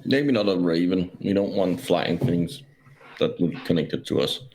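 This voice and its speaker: A man's voice: low voice, moderate pace, darkish tone, slight background noise, poor audio. A man playing a tabletop game, asking casual questions full of likes. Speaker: player.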